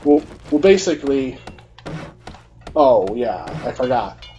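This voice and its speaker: A man's voice: medium pitch, big pitch swings, slow, warm tone, a little hiss or hum. A man hosting a gaming video, ranting in a heated, profane and repetitive way. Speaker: gaming channel host. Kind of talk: heated rant during gameplay commentary.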